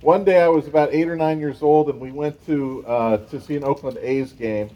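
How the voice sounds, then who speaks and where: A man's voice: fairly high pitch, moderate pace, dull audio. A middle-aged man from the San Francisco Bay Area, a pastor giving a conversational sermon with a personal story.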